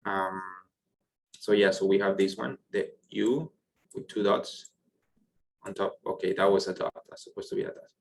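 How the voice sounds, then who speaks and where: A man's voice: low voice, steady tone, normal speed, creaky, long pauses, rough recording. A man teaching French in an online class, explaining pronunciation step by step and praising students' questions, speaking English with non-native phrasing over a computer mic.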